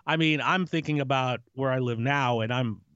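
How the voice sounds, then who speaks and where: A man's voice: medium pitch, normal speed, a bit bright, smooth, no echo. Hesitant man on a dull, dry line. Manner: hesitant, trailing off. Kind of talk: casual podcast chat.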